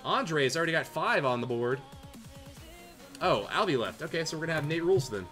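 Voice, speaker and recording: Bright-voiced streamer, playful. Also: male voice, fairly high pitch, animated, brisk, soft background music. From Canada. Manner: reads viewer jokes aloud, playful and self-mocking. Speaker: tournament streamer and caster. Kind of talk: casual livestream chat and game commentary.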